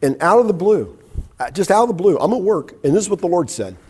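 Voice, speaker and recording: In church, an older man gives a personal testimony, acting out what was said and laughing at himself. His husky voice is high-pitched, very animated and fast, with a darkish tone.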